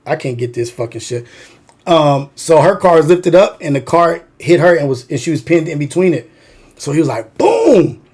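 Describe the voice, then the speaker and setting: A man's voice: on the high side, normal speed, a little mellow, breathy edge. Rambling, profane man with a raised voice. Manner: rambling, profane, heavy use of "like". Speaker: livestream host. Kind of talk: casual storytelling on a livestream.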